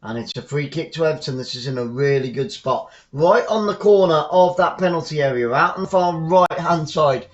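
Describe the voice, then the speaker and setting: A man hosting a live fan stream from home, giving casual football commentary with chatty, rambling asides that turn excitable when the play heats up. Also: on the high side, normal speed, few pauses, dull audio. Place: at home, watching the match remotely.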